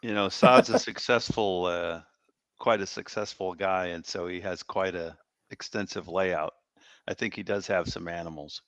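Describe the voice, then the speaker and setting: A man chatting on a livestream, making measured, mild remarks. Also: sits low, fairly bright tone, dry recording. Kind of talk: casual stream chat.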